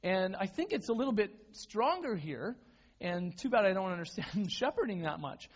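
A man preaches a sermon in a loose, conversational way, often restarting his words. His voice sits fairly high, and the recording sounds dull and lo-fi. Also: big pitch swings, normal speed. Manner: conversational, self-deprecating, repeats and restarts words. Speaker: pastor.

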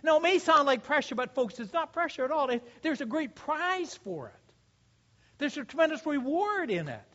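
A man's voice: very high voice, big pitch swings, normal speed, sharp tone, lo-fi sound. A man preaching as a pastor, earnest and exhorting, with rhetorical questions and frequent restarts. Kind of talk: sermon.

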